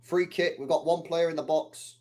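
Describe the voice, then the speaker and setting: A young man live-streaming his reaction to a football match, excitable and slangy, shouting at the screen and swearing. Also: fairly high pitch, normal speed.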